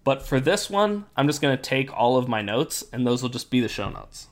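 A man hosting a casual podcast chat, explaining things in a relaxed way with many fillers while his voice is going hoarse. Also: medium pitch, moderate pace. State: losing his voice. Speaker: podcast host.

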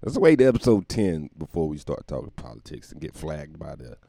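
A man's voice: rumbling low, big pitch swings, brisk, creaky, dark tone, dry recording. A man hosting a comedic solo podcast, rambling, profane and self-mocking, often laughing at his own jokes. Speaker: podcast host.

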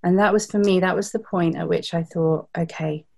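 A woman's voice: fairly low pitch, fairly even intonation, a little fast, creaky, darkish tone. A British woman in her thirties, telling her story candidly as an interview guest, reflective and heartfelt, with plenty of fillers. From Britain.

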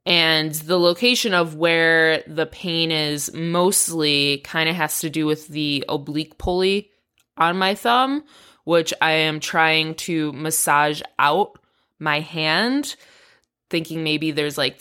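A woman's voice: low voice, slow, bright, forceful tone, smooth. A woman hosting a personal podcast, talking frankly and with frustration, swearing often and rambling. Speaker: podcast host. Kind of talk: casual personal training update.

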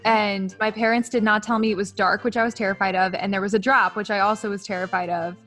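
A woman co-hosting a casual podcast, chatty and expressive, full of "like"s. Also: mid-range voice, fast talker, faint music behind. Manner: chatty, lots of "like", laughing. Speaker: podcast co-host.

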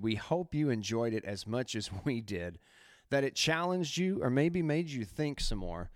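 A man hosting a casual faith podcast, talking in an animated, preachy way and often acting out quotes. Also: mid-range voice. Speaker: podcast host.

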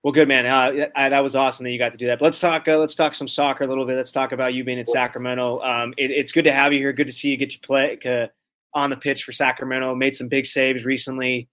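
A man's voice: medium pitch, level tone, quick pace, fairly bright tone. A man hosting a casual sports podcast interview, upbeat and chatty with loose banter. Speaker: podcast host.

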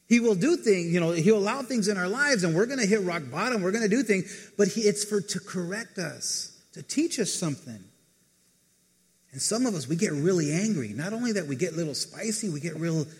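High-voiced man preaching in echoey hall. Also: husky. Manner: conversational, mimics people in quoted asides. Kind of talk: casual sermon with props. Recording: reverberant hall.

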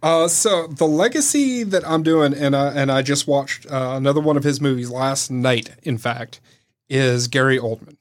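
A man's voice: mid-range voice, normal speed. A man co-hosting a podcast, chatting casually about movies with jokes and loose tangents. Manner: joking, rambling movie talk. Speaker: podcast co-host. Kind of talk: casual chat.

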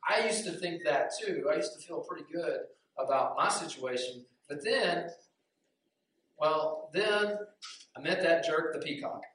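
A man's voice: fairly high pitch, expressive, unhurried, a bit bright, a little hiss or hum. A chatty, slightly bitter male parrot, as a preacher puts him on, grumbling about a rival. The voice echoes heavily in a room and is picked up from a distance.

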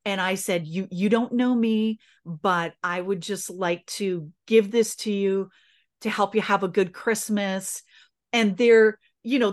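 A middle-aged woman, a podcast guest, telling a personal story in an earnest, emotional way, with many restarts. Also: a little high.

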